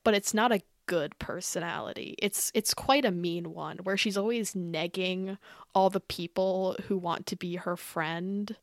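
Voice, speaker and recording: A woman's voice: on the low side, dry recording. Chatty young woman, dry podcast mic. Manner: chatty, lots of "like" fillers. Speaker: podcast co-host. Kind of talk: casual chat.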